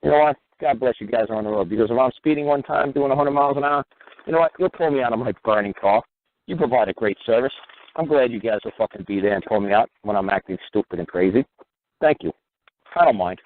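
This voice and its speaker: A man's voice: medium pitch, quick pace, a little hiss or hum. A man hosting a radio talk show, talking in a rambling, profane monologue that keeps coming back to "you know what". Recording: tinny phone-line sound.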